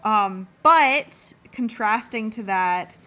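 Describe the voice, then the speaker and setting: A woman's voice: a little high, expressive, slow pace, bright, forceful tone. A woman narrating a live tabletop game as dungeon master, rambling with many fillers.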